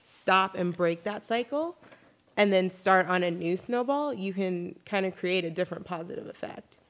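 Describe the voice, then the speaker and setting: A young woman in her twenties co-hosting a casual chat, talking quickly with lots of "like" fillers. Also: on the low side. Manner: chatty, many "like" fillers, animated. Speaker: co-host.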